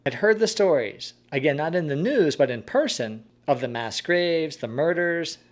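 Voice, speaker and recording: Male narrator, slightly higher voice, calm measured scripted storytelling. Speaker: host.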